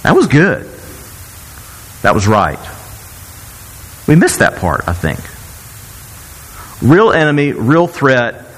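A man preaching a sermon, joking and sarcastic, who jumps up in pitch when he acts out the people's cries. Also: takes it slowly, pauses often, in a large hall, low-quality recording. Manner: animated, jumps high to act out quoted cries. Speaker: pastor.

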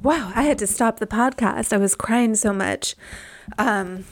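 A woman's voice: medium pitch, unhurried, background noise. A woman in her thirties hosting a podcast, telling a personal story in a reflective, heartfelt way. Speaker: podcast host.

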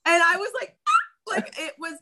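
Woman, 30s, gravelly fry, candid and profane in casual chat. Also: medium pitch, moderate pace, noisy background. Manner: candid, swearing freely, acts out quotes.

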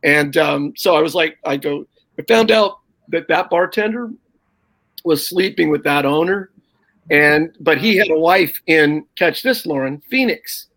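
Middle-aged male comedian guest: high gravelly voice, animated storyteller. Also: a little slow. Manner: animated anecdote with profanity and quoted voices. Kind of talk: casual storytelling on a podcast.

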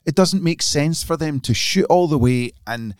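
A man co-hosting a golf podcast, talking casually and excitedly, restarting and repeating words as he goes. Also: fairly high pitch, normal speed, smooth, no echo. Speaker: podcast co-host.

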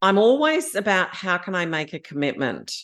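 A woman's voice: fairly low pitch, very animated, moderate pace, fairly bright tone. A woman in her fifties with an Australian accent, telling her story candidly as a podcast guest and acting out her own inner voices. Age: 50s.

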